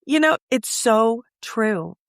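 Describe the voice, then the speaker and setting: A woman's voice: on the high side, lively intonation, takes it slowly, no room sound, clean studio sound. A woman hosting a podcast interview, speaking in an earnest, reflective and encouraging way. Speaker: podcast host.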